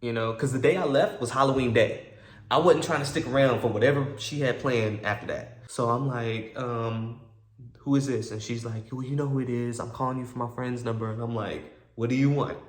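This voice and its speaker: A man tells a personal story straight to his viewers, casual and animated, acting out both sides of old conversations. His voice sits at an ordinary middle pitch. The room around him rings with a noticeable echo. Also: fairly quick. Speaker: vlogger telling a personal story.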